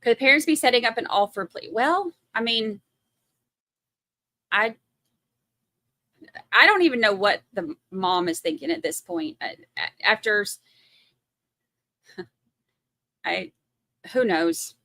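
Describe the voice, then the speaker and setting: Chatty Southern woman, bright tone. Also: mid-range voice, lively intonation, takes it slowly, pauses often, dry recording. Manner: chatty, rambling, heavy on fillers. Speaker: livestream host. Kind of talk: casual livestream commentary.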